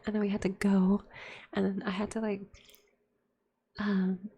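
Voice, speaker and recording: A woman's voice: medium pitch, level tone, a little slow, gravelly, warm tone, slight background noise. A young adult woman telling a candid, profane personal story in whispered ASMR chat, full of fillers. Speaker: streamer.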